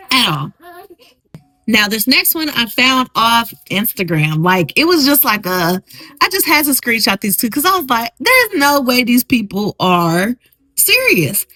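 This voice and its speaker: Blunt, bright-voiced woman podcast host. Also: fairly high pitch, sing-song, unhurried, no echo, rough recording. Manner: blunt and emphatic, reacting to posts she reads aloud. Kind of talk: solo podcast commentary.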